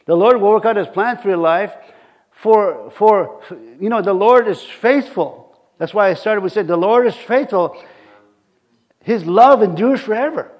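Halting, folksy preacher man with a high voice. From reservation community. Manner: halting, many restarts and fillers; folksy, chuckling asides. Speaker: pastor. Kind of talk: sermon.

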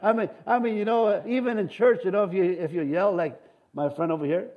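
Animated preaching man, high voice. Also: a little fast, highs cut off. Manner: animated preaching with shouts of woohoo and amen, joking asides. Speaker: pastor. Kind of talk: sermon.

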